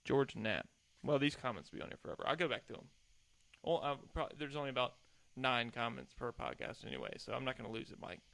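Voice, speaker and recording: A man's voice: mid-range voice, lively intonation, fast, creaky, a bit bright. A young adult man hosting a solo podcast, chatting in a rambling, self-deprecating way at a desk mic. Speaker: podcast host.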